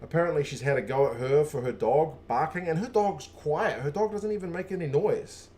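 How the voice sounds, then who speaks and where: A man's voice: a little high, brisk, a little mellow, slight background noise. A man hosting a stream, venting in casual chat with sarcastic asides. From New Zealand. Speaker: stream host.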